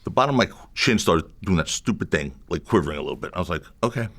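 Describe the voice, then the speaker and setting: Speaking quickly in a deep voice, a defense lawyer being interviewed tells an animated story with strong emphasis. He repeats phrases over and over to make his point land.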